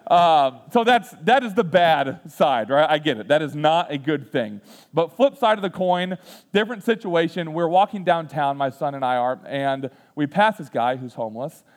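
A man in his thirties, a pastor giving a sermon, telling funny self-deprecating stories and then speaking quietly and earnestly. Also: fairly high pitch, animated, normal speed. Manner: humorous, self-deprecating storyteller who acts out quotes; turns quiet and earnest when reflecting. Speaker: student ministries pastor. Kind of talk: sermon with personal storytelling.

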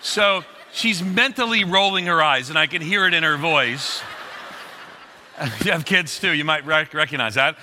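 A man's voice: fairly high pitch, normal speed, big-room sound, a little hiss or hum. A middle-aged man preaching a sermon as a pastor, telling stories with acted-out quotes. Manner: animated storytelling with acted quotes.

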